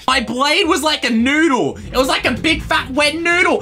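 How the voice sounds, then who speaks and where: A man giving excited gameplay commentary as host, hyper and playful, yelping and joking as he plays. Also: extremely high pitch, normal speed, few pauses, soft background music. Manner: hyper, playful, yelps and jokes. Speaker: gaming video host.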